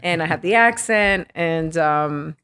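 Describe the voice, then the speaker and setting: Animated, cursing New woman telling stories. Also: sits low, takes it slowly, clean tone. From Queens, New York. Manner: animated, profane, acts out quotes. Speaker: podcast guest. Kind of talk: casual storytelling interview.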